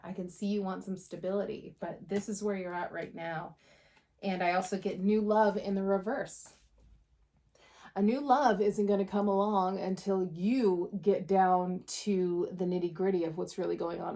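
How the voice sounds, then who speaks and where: A woman's voice: mid-range voice, darkish tone. Blunt, swearing woman tarot reader. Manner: blunt, passionate, swears freely, quick bursts. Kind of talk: casual tarot reading to camera.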